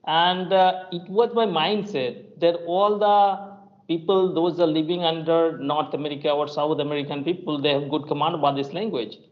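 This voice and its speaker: A man's voice: a little high, fairly even intonation, moderate pace, dull audio. A man with an Indian English accent, an English tutor chatting casually and hesitantly, with many fillers and restarts. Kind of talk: casual conversation practice.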